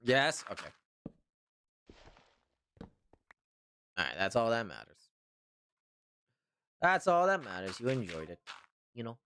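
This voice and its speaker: A man's voice: medium pitch, very animated, normal speed, pauses often, fairly bright tone, slight background noise. A man with a stuffy nose chatting casually on a live stream, rambling, swearing often and answering chat.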